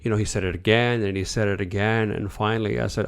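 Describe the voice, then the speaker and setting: A man hosting a podcast, telling a personal story in a casual, animated way and acting out the dialogue. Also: lowish voice, fast, creaky, clean tone. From Canada. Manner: animated, acts out quoted dialogue. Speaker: podcast host.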